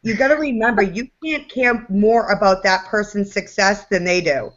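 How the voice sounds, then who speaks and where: A woman's voice: medium pitch, moderate pace, fairly bright tone. A woman speaking directly in a coaching way about building relationships with recruits on a casual group call, heard as lo-fi call audio. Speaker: network marketing leader.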